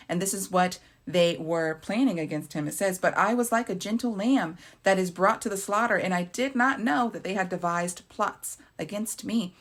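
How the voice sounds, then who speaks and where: A woman leading a Bible study, reading scripture aloud and explaining it, often checking in with "right?". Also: fairly low pitch. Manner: reads verses then explains them, often adds "right?".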